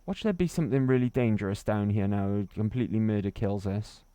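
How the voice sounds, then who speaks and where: A man's voice: fairly low pitch, a little fast, dark tone, clear, resonant tone, no room sound. A man from Wales, chatting and laughing through a gaming livestream while reading his chat. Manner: chatty, laughs often, reads chat aloud. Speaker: streamer.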